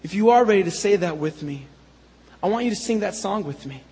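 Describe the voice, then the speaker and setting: A man's voice: sits high, lively intonation, fairly quick, a little mellow, husky. A man preaching a sermon as pastor, earnest and building to fervent appeals to the congregation. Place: church sanctuary. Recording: echoey hall with long reverb.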